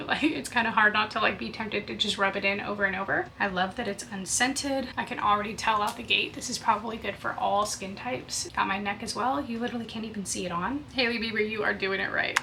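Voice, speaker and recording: A woman's voice: medium pitch, vocal fry, pushed and bright. A young woman vlogging casually at home, chatty and gushing, recorded on a basic camera mic. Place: home, indoors. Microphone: built-in camera mic, not her good mic. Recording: faint air conditioning hum.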